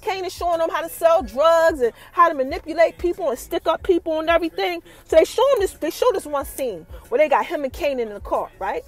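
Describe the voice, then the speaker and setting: High-voiced woman hosting a lively recap. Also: fast talker, hardly any pauses, soft background music. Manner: animated, teasing build-ups with repeated rising questions; slangy, conversational storytelling. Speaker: podcast host. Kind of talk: casual TV episode recap.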